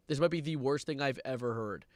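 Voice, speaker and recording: A young man streaming live and reacting to online content, ranting sarcastically, swearing and breaking into loud outbursts. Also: medium pitch, a little fast, no room sound, clean studio sound. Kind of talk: livestream reaction commentary.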